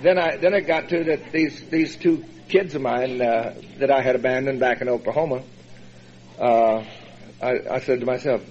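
A man telling his personal recovery story as a meeting speaker, in a folksy, halting way with many fillers and chuckles. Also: medium pitch, a little mellow. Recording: dull lo-fi recording.

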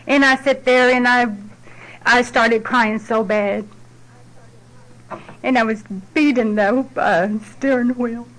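A woman's voice: on the high side, steady tone, slow, long pauses, fairly bright tone, rough recording. Plainspoken woman telling her story. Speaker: speaker sharing at a support group meeting. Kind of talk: personal testimony.

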